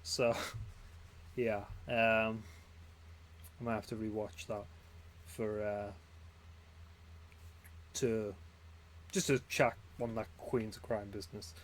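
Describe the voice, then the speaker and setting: A man's voice: on the low side, flat delivery, takes it slowly, long pauses. A man casually commenting on a game he is playing, rambling with many fillers. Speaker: game streamer. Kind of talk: casual let's play commentary. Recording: loud game music behind.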